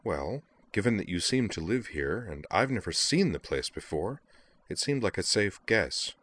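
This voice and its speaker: A man doing a calm, dry young woman. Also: on the low side, normal speed. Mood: composed. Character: composed, dry-witted young woman duelist.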